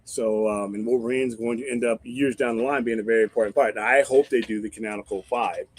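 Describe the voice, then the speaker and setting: A man hosts a casual live-stream chat, wandering from thought to thought with restarts and loose swearing. His voice sits at an ordinary middle pitch. The sound is dry and close, with no room behind it. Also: steady tone, quick pace, dry recording. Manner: rambling, profane, thinks aloud with restarts. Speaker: host.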